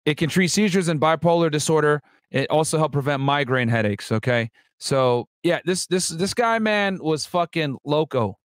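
Ex-fed guy reacting, swears a lot, kinda high voice, dry sound. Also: lively intonation, moderate pace, dry recording. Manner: loose, profane, joking. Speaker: former federal agent and reaction host. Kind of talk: casual reaction commentary.

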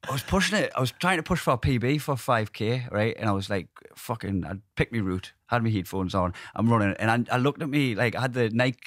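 A Geordie comedian spins a rambling story, swearing, laughing and tagging "right?" onto his lines. His voice sits at a middle pitch, and the room sound is dry. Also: animated, a little fast, few pauses, a bit bright, no echo. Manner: sweary, laughs through stories, lots of "right?". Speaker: comedian guest. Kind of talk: casual storytelling chat. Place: podcast studio.

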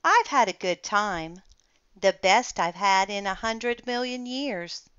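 A kindly old storybook dinosaur, read aloud by a woman who speaks slowly and gently. His words come out smooth and clear. The recording is dry and a little muffled. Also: mid-range voice, expressive, no room sound, voice pushed up. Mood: gentle.

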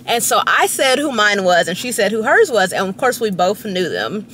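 A woman's voice: sing-song, normal speed, fairly bright tone, a little hiss or hum. Giggly young woman rambling in a car. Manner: rambling, giggly, dramatic with sudden high squeals. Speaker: vlogger. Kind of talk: casual chat to camera. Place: parked car.

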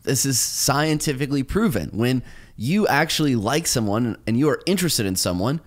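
Podcast host: man, expressive, wide-ranging delivery, mid pitch, advice-giving storyteller. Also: moderate pace. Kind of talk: casual podcast conversation.

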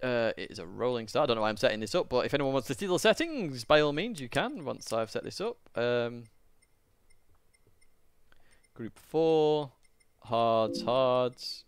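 A man's voice: medium pitch, lively intonation, normal speed, clean tone, dry recording. A man with a Northern English accent chatting casually on a live stream as he races, joking and greeting viewers by name. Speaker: sim racing streamer. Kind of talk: casual live-stream chat while racing.

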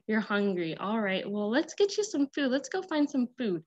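A woman teaching a preschool class online with puppets, talking in a gentle, encouraging way into a webcam microphone with dull lo-fi audio. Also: on the high side, sing-song, moderate pace, hardly any pauses.

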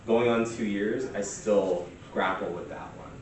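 A man's voice: lowish voice, fairly even intonation, a little slow. A man giving a conversational church workshop talk, candid and thinking aloud as he goes. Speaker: workshop presenter. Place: church meeting room. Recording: very echoey room from a distance, faint noise.

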